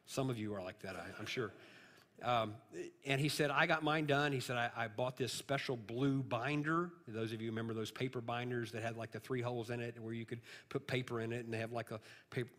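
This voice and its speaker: Male preacher, mid-pitched, storytelling sermon that swells to emphatic peaks, in a church with a long reverb tail. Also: fairly even intonation, fairly quick, fairly bright tone. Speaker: pastor.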